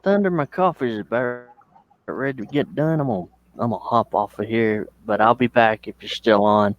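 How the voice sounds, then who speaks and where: A man's voice: medium pitch, normal speed, lo-fi sound. A man chatting casually, easygoing and brief. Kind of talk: casual chat.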